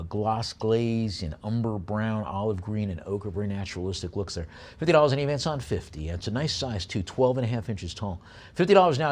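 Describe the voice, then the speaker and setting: A man working as an auctioneer, calling bids briskly and slowing down, with many "uh" pauses, to describe each piece. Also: fairly low pitch, a little mellow. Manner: brisk bid calling between slower item descriptions; many filler pauses when describing items.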